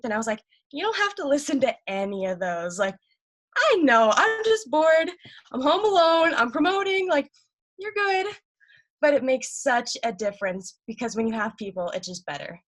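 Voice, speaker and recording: A woman talking eagerly and quickly about selling, in a casual video-call chat. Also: mid-range voice. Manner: excited, rapid, gushing. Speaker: team member sharing sales tips.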